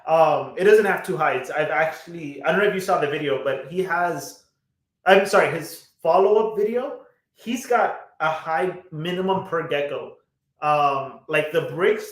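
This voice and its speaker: A man's voice: fairly high pitch, reverberant. A man co-hosting a podcast in casual chat, blunt and swearing often, with lots of fillers and restarts. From United States. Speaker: podcast co-host.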